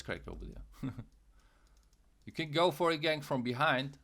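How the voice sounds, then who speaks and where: A young gaming channel host runs a casual game tutorial, repeating himself, checking in with "okay" and "guys," and sometimes making playful mouth sound effects. His voice sits on the high side and is animated, creaky and a bit bright, moving a little slowly with long pauses.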